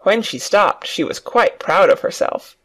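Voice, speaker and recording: Audiobook narrator for learners, clear, lots of ups and downs in the voice. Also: mid-range voice, expressive, measured pace, a bit bright.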